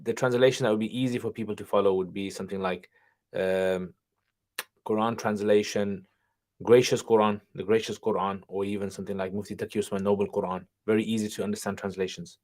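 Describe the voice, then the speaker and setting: A man hosting a casual livestream Q&A while driving, reading viewer questions aloud and answering them in a relaxed, chatty way. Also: on the low side, brisk. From England. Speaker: channel host, Islamic teacher. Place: car, driving while streaming.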